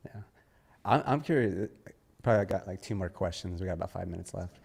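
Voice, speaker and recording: A man's voice: sits low, expressive, brisk, creaky, a little mellow, husky, in a large hall. A man hosting a podcast interview, asking questions in an easygoing, somewhat hesitant way. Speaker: podcast host.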